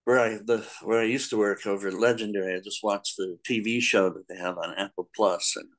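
Speaking a little fast in a lowish voice with fairly even intonation, this older comics editor is a guest on a podcast, chatting casually. He rambles through anecdotes, breaks into laughter often, and performs the lines people said.

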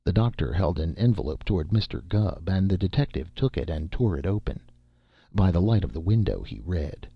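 A man narrating an audiobook in a steady, measured storytelling manner. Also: sits low, creaky, slightly rough, no echo, dull audio.

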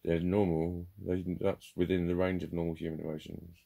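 Gravelly low-voiced man, rambling and sweary. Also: flat delivery, fairly quick, warm tone. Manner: rambling, sweary, self-deprecating. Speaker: vlogger. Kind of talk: candid monologue.

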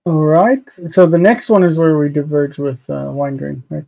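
Mellow man teaching Hebrew grammar. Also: on the high side, normal speed, gravelly, hardly any pauses, poor audio. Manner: patient, explains pronunciation step by step. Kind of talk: live online class.

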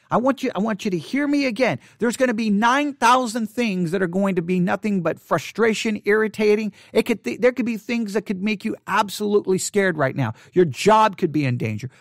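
A male pastor teaching catechesis in sermon style, emphatic and repetitive, hushing his voice for quoted thoughts. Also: sits high, no room sound, clean studio sound.

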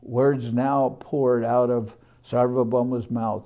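A man, a monk leading a morning class, reading scripture aloud in a measured way, repeating phrases and adding short explanations. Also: medium pitch, fairly even intonation, warm tone. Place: ashram class room.

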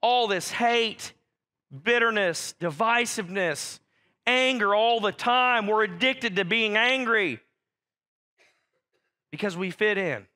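High, bright-voiced man preaching a sermon. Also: slow pace, long pauses. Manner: direct, conversational preaching addressing the church. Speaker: pastor.

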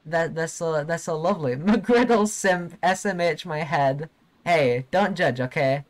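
A young man streaming a video game live, chatting excitably and giggling with his viewers. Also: fairly high pitch, measured pace. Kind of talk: live gameplay commentary.

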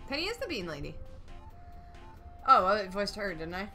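A woman's voice: mid-range voice, sing-song, normal speed, pushed and bright, soft background music. A woman co-hosting a casual game stream from home, chatting and reading out chat messages. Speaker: stream co-host.

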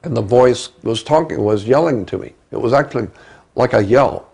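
An older man recounting a personal experience as an interview guest, slow and halting, often repeating words. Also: medium pitch, lively intonation, creaky, a little mellow, breathy edge.

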